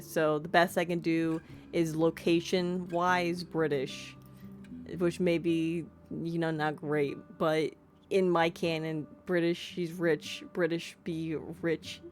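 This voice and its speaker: A woman plays through a story game, reading the narration aloud and breaking off into chatty, self-mocking asides. Her voice sits slightly low, with soft music playing faintly in the background. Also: level tone, takes it slowly. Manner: chatty, self-deprecating, giggly, reads text aloud. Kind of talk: casual let's-play commentary and narration.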